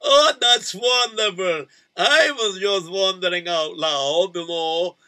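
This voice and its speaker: A man playing a kindly old farmer uncle in a spoken story, his voice pushed up very high and squeaky. He drawls slowly in a wondering tone, bright and lively in pitch. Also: clean tone, heavily acted. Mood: amazed. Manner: slow, wondering, drawn-out.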